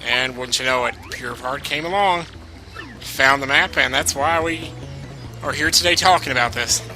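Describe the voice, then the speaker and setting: A man's voice: mid-range voice, normal speed, pushed and bright, faint music behind, rough recording. A man commentating a video game playthrough, reading the story text aloud with tired, wry asides. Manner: weary, wry asides between read-outs. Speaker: let's play commentator.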